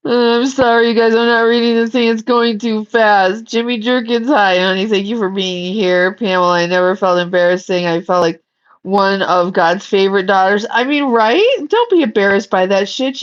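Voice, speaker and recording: A woman's voice: medium pitch, normal speed, lo-fi sound. A woman casually chatting on a livestream, blunt and swearing freely while reading the chat and shooing her cat.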